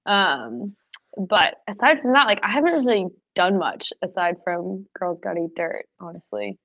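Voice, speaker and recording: A woman's voice: fairly low pitch, sing-song, normal speed, fairly bright tone. A young woman talking as an athlete guest in a casual podcast chat, laughing often and filling her speech with "like". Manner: chatty, laughs often, many "like" fillers. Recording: slightly dull, dry audio.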